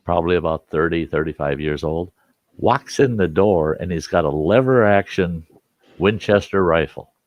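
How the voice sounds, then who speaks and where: A man's voice: low voice, no echo. Folksy man telling a salty yarn. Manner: folksy, animated, salty language. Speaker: storyteller host. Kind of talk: casual spoken storytelling. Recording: dull dry lo-fi recording.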